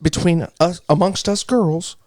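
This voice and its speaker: A man's voice: sits high, fairly even intonation, unhurried, darkish tone. A middle-aged man on a casual podcast, telling a joking, profane story. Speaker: podcast co-host. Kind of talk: casual chat.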